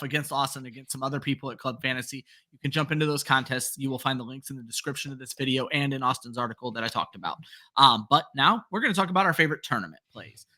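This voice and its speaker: A man's voice: medium pitch, sharp tone. A man co-hosting a fantasy football show, talking in a friendly, casual way and turning to the audience now and then. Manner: friendly, addresses the audience as folks. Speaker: co-host.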